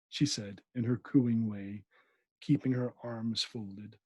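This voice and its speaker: Male podcast host reading a classic novel aloud, husky, dark voice, dry sound, trips over names and corrects himself. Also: mid-range voice, steady tone, takes it slowly, dry recording.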